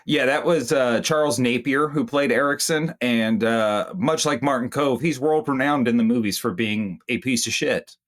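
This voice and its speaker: A man's voice: mid-range voice, moderate pace, few pauses. A man co-hosting a movie review chat, joking around and slipping into mock quotes. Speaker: movie review podcast co-host. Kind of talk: casual chat.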